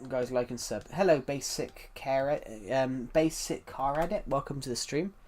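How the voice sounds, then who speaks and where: A man's voice: medium pitch, normal speed, a little mellow. A young man from the south of England with a southern English accent, chatting casually on a game live stream and rambling through viewer comments with many restarts. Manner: rambling, repeats and restarts phrases while reading chat.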